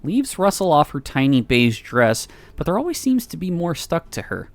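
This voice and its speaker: A man streaming, reading a visual novel aloud with expressive narration and laughing asides. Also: a little high, moderate pace, no room sound.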